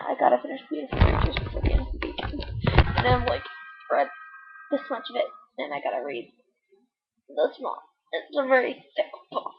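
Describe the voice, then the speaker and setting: A teenage girl chatting casually about books to her webcam, giggly and full of filler words. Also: sits high. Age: teens. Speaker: book vlogger. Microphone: webcam microphone. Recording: dull webcam audio with faint hiss.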